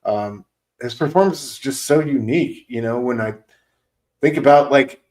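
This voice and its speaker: A man's voice: medium pitch, normal speed, a little mellow, rough recording. A man co-hosting a casual film podcast, rambling enthusiastically with many fillers. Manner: rambling, heavy on fillers like "like" and "you know". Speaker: podcast co-host.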